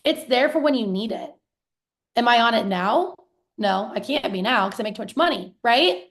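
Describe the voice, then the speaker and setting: A woman in her thirties, hosting a live stream as a business coach, pitching her program and reading out viewer comments in an excited, chatty way with casual swearing. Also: normal speed. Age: 30s.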